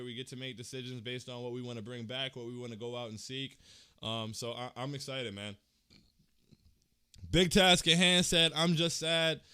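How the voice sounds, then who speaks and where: A man's voice: mid-range voice, bright, forceful tone, clean tone. A young man hosting a fan livestream, talking casually in slang and holding back tears, repeating himself as he thanks his viewers. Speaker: fan channel host.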